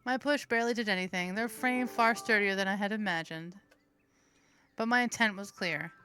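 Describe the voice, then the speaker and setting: A woman's voice: medium pitch, normal speed, bright, forceful tone, a little hiss or hum. A woman hosting a let's play, reading the game's narration aloud with playful, crude asides. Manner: playful, giggly, crude jokes between narration. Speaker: host.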